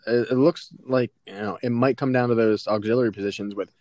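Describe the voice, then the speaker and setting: A man's voice: medium pitch, fairly even intonation, fast, a little mellow, no room sound. A man hosting a casual podcast, methodically walking through rankings and numbers. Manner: methodical, reels off rankings and stats. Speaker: podcast host presenting matchups.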